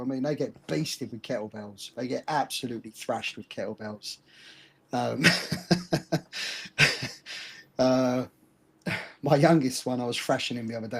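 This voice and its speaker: Man, middle-aged, blunt, laughing storyteller, medium pitch. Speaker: podcast co-host. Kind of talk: casual podcast chat.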